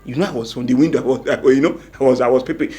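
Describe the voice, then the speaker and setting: A man's voice: mid-range voice, rapid-fire, mellow, faint music behind. A man telling a comic church story with a sermon message, laughing often and acting out quoted voices.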